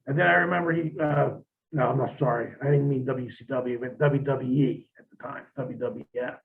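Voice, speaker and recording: A man's voice: medium pitch, fairly even intonation, normal speed, creaky. A man, a former pro wrestler, telling profane stories in a casual interview and acting out what others said. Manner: profane, vivid storyteller who acts out quotes. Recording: tinny phone-like line.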